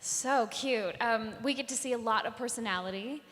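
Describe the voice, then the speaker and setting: A woman's voice: on the high side, normal speed, fairly bright tone. A woman coaching a singer in a live masterclass, enthusiastic and chatty, full of "like" and "um". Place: stage before a live audience. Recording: long hall reverb, live auditorium.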